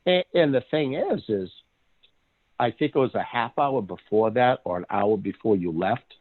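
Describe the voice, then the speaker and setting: A man's voice: mid-range voice, normal speed, phone-quality sound. A man in casual chat who tells stories with a lot of energy, laughs often and acts out voices as he goes. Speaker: co-host.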